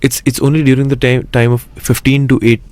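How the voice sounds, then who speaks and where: An actor guest in a casual interview, a young adult man from Mumbai, India, talks eagerly and rambles with many restarts and fillers. His medium-pitched, darkish voice stays level and fairly quick.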